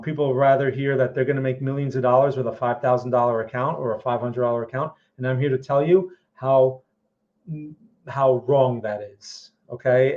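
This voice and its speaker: A man's voice: mid-range voice, a little mellow. A man with a New Jersey accent hosting a live stream of chart commentary, talking bluntly and frankly and often tagging on "right?". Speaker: market analyst host. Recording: slightly muffled lo-fi audio.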